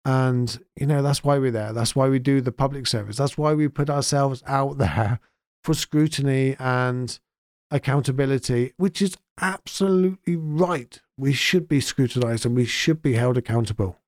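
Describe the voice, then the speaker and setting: A man's voice: mid-range voice, moderate pace, darkish tone, dry recording, studio quality. A man hosting his own podcast, talking in an earnest, heartfelt and sometimes emotional way. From England. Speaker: podcast host and town mayor. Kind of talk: casual spoken podcast update.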